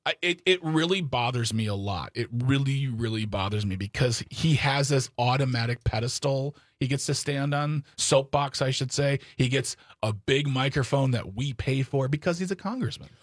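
A man's voice: mid-range voice, normal speed, hardly any pauses, no echo, studio quality. A man from Wisconsin co-hosting a political talk show, opinionated and sarcastic, with exasperated outbursts.

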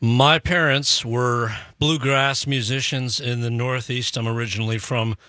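A man from New York City, a lead guitarist guest on a radio show, recounting his past at a measured pace with fillers. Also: mid-range voice, fairly even intonation, bright, forceful tone, no echo, clean studio sound. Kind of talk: radio interview.

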